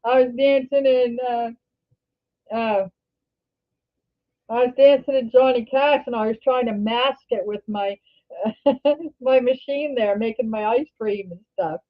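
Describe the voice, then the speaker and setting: An older Canadian woman hosting a casual livestream, talking in a rambling, halting way and often restarting her sentences. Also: a little high. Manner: rambling, halting, self-correcting. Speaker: livestream host. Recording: tinny phone-like sound.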